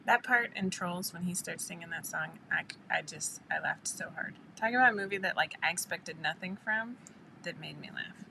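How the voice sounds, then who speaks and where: A woman's voice: fairly low pitch, moderate pace, vocal fry, bright, forceful tone, a little hiss or hum, low-quality recording. A woman hosting a casual live stream who rambles chattily and greets her viewers by name. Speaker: live stream host for a sewing pattern company.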